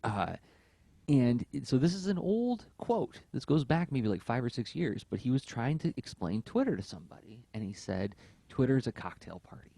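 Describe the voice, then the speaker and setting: A man's voice: medium pitch, sing-song, moderate pace, creaky, warm tone, dry recording. A man co-hosting a podcast, talking in long, thoughtful runs with many fillers in casual conversation. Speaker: podcast co-host.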